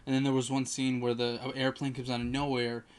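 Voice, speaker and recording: A man's voice: mid-range voice, flat delivery, brisk, clean tone. A man giving a casual spoken movie review, rambling through the plot with lots of fillers. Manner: rambling retelling full of fillers.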